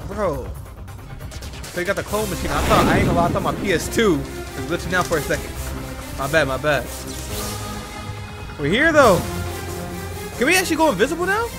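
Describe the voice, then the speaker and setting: A man hosting a gaming channel, giving excited let's-play commentary full of slangy banter and loud outbursts. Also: high-pitched, fairly quick, long pauses. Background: game music.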